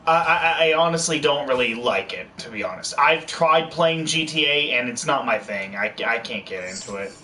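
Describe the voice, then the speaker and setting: A man's voice: medium pitch, animated, moderate pace, hardly any pauses, bright, forceful tone. A young man co-hosting a gaming video in casual chat, rambling with many restarts and fillers. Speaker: co-host of a gaming channel. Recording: distant mic with faint noise.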